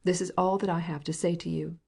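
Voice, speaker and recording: A proud, stiff husband speaks in cold, clipped, formal sentences. His voice is low and mellow, level and controlled as a woman reader puts him on. It suits a storybook read aloud. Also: fairly even intonation, fast, creaky, husky.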